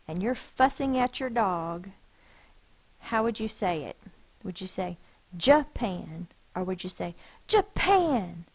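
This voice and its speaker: A woman teacher slowly and patiently sounding out spelling words, letter by letter, for a class. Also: mid-range voice, low-quality recording. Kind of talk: phonics lesson for children.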